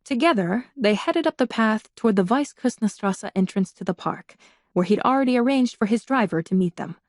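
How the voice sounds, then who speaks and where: A woman narrating an audiobook in an even, measured reading voice on a close studio mic. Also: fairly high pitch, dry recording. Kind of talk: scripted narration.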